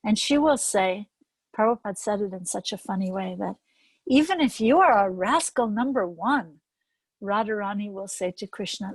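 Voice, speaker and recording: An older woman giving a devotional talk, earnest and storytelling, reading scripture verses aloud slowly. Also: medium pitch, lively intonation, breathy edge, no echo, low-quality recording. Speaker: spiritual teacher.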